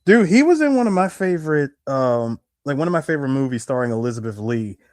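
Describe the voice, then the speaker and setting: A man's voice: medium pitch, sing-song, fast, darkish tone, no room sound, studio quality. Film-buff man rattling off facts. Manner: knowledgeable, lists facts with many fillers. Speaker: podcast co-host. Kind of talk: casual chat.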